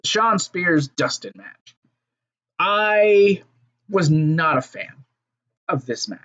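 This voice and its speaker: A man's voice: high-pitched, lively intonation, extremely slow, a bit bright, dull audio. A man giving a casual, rambling solo review of a wrestling show, swearing freely and trailing off into fillers. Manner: profane, rambling, fillers and restarts.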